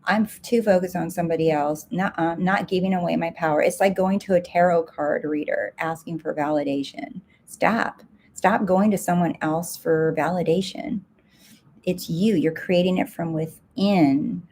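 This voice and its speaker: A woman's voice: fairly low pitch, moderate pace, darkish tone, slight background noise. A woman success coach answering viewer comments live, direct and emphatic, repeating her key points.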